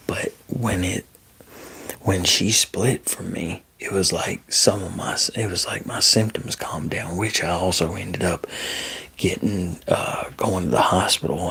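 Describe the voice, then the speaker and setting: A man's voice: deep voice, gravelly, a bit bright, breathy edge. A man hosting an ASMR livestream, chatting casually with viewers in a close-mic whisper and often swearing. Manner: whispering often, swears heavily, gets heated. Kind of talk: casual live chat reading comments.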